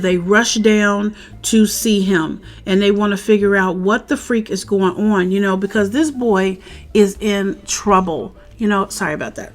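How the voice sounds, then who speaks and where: A woman, a parent, chatting casually outdoors in the wind as she recaps a TV episode and acts out the characters' lines with animated energy. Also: mid-range voice. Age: adult parent. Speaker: show recap vlogger. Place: outdoors, windy.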